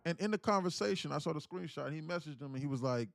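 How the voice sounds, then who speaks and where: A man's voice: fairly high pitch, quick pace, gravelly, dry recording, faint music behind. A man hosting a live day-trading stream in casual chat, telling stories and acting out the voices of the people he quotes. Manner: animated storyteller who acts out quoted voices.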